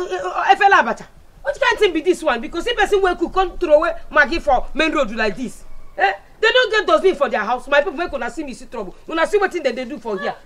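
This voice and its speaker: A woman with a Nigerian accent in a comic skit, loudly scolding and switching between Pidgin and Igbo. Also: high voice. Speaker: title comedy character.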